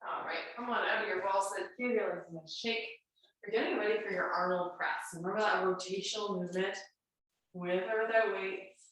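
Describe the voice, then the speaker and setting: A woman's voice: medium pitch, fairly even intonation, brisk, a bit bright, a little hiss or hum. A woman instructor talks a home exercise class through each move in a chatty, reassuring way, her voice congested and nasal. She sounds set back from the camera mic, and the room rings with heavy echo. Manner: chatty, reassuring coaching cues. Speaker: fitness instructor. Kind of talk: guided home workout instruction. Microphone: camera mic at a distance. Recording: very echoey room, voice far from mic.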